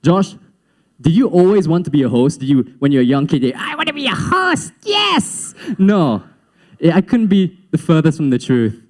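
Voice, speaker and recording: A man's voice: a little high, moderate pace. A young man from Singapore with a slight Western-sounding accent, telling his life story on stage to a young audience and acting out quotes as he goes. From Singapore, raised in Southeast Asia. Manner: animated storytelling, acts out quotes, laughs often. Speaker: youth event speaker.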